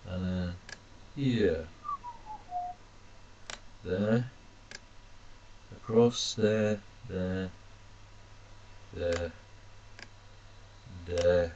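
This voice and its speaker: A man teaching a language lesson while drawing characters on screen, chatty and self-deprecating, calling his viewers ladies and gentlemen. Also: deep voice, fairly even intonation, very slow, pauses often, dull audio, slight background noise.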